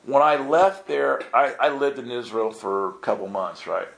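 A man telling funny stories to a group, acting out quotes with sudden high excited outbursts. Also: normal speed, vocal fry, echoey room. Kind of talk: animated storytelling.

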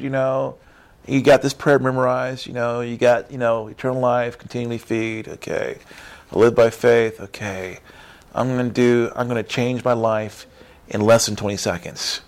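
A man preaching a lively sermon, acting out churchgoers in quick character voices and tagging lines with "right?". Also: medium pitch. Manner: acts out church members in character voices, says "right?" often. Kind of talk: animated sermon.

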